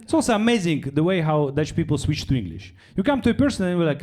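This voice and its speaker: A man's voice: quick pace, few pauses. A young man from Russia with a Russian accent, doing a chatty stand-up set on stage and tagging his lines with "yeah?". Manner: drops into deadpan low voices for quoted lines. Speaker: stand-up comedian. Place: comedy club stage.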